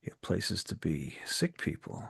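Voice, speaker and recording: A man voicing a menacing male host who offers wine and makes veiled, passive-aggressive threats, with a low gravelly voice. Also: wildly swooping pitch, unhurried, a bit bright, no room sound, clean studio sound, exaggerated voice. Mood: needling.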